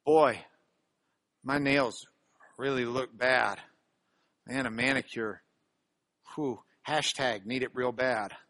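A man's voice: mid-range voice, takes it slowly, pauses often, a bit bright, no room sound, pitched below the performer's own voice. A man doing his breezy teen daughter. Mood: offhand.

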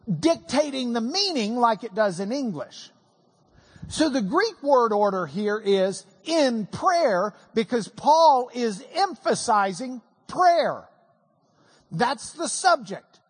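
A preacher teaches scripture in a folksy, joking sermon, with a husky voice that swings widely up and down. The delivery is unhurried. It is recorded with a long reverb from a large hall. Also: medium pitch, lively intonation.

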